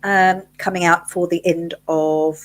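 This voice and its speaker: A woman's voice: on the low side, level tone, measured pace. An Australian woman co-hosting a casual livestream chat, musing aloud and correcting herself as she talks. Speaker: co-host of a cruise chat livestream.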